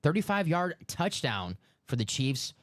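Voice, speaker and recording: A man hosting a live sports card break stream, chatting casually and upbeat while pitching spots. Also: sing-song, measured pace. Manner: chatty, upbeat, sales patter.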